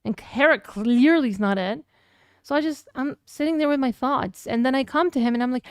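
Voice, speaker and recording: Woman with Latin American Spanish accent, teasing stream chat, smooth clear voice, dry close sound. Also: high voice, a little fast, no echo. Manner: playful, teasing, chatty. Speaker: streamer's partner answering chat.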